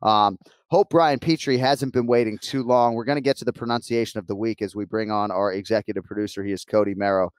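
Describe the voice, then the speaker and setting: A man's voice: fairly low pitch, fairly even intonation, fast, hardly any pauses, clear, resonant tone, no echo. A man hosting a sports podcast in casual, joking chat, laughing easily and swearing now and then. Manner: laughing, easygoing, profane. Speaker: podcast host.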